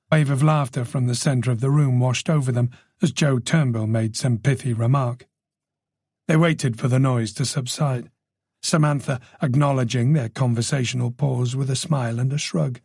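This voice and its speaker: A man narrating a thriller audiobook in a measured storytelling manner. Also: medium pitch, fairly even intonation, vocal fry, darkish tone, husky, dry recording, clean studio sound. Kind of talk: scripted narration.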